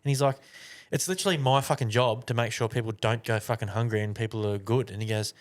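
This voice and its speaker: A man's voice: mid-range voice, steady tone, quick pace. Sweary man telling a story. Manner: swears a lot, rambling anecdote. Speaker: podcast co-host. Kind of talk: casual storytelling chat.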